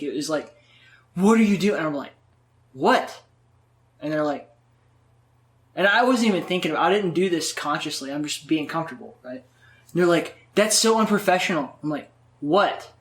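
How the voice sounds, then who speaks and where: A man in casual conversation, telling stories in a profane, animated way full of filler words. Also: on the high side. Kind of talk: casual chat.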